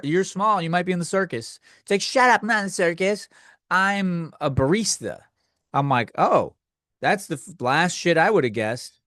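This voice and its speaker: A man's voice: fairly high pitch, fairly bright tone, no room sound, studio quality. A man hosting a solo comedy podcast, ranting crudely and rambling, acting out the people in his stories. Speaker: podcast host.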